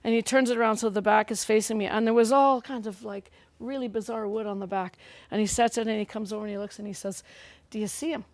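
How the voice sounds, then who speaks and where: A woman guest singer-songwriter telling stories in a chatty, animated way, laughing often, on a live talk show. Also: on the high side, fast, no echo.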